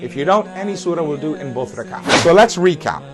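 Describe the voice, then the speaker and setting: Man, fairly high voice, step-by-step religious lesson, loud drawn-out calls, soft music underneath. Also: lively intonation. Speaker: religious teacher. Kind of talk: instructional talk.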